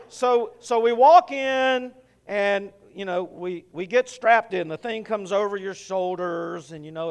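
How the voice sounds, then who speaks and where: A male pastor preaching a sermon, telling a story in an animated, playful way. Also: high voice.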